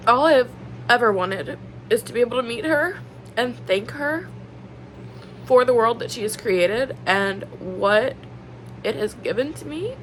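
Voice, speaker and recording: Thirtyish woman book vlogger, talks slow, lots of likes and ums, earnest and open. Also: fairly high pitch, expressive, fairly bright tone, a little hiss or hum, low-quality recording. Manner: rambling, filler-heavy, with many likes and ums; earnest and openly emotional. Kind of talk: casual vlog chat.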